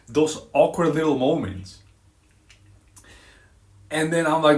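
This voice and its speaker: A man streaming live, telling a story in a dramatic, animated way with crude language. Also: mid-range voice, moderate pace, echoey room. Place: outdoors on a walk.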